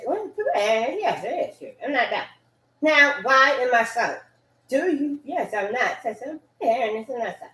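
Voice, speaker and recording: A woman ranting in a loud, profane, repetitive way, swinging between loud bursts and low mutters. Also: very animated, normal speed. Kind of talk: animated rant. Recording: echoey room.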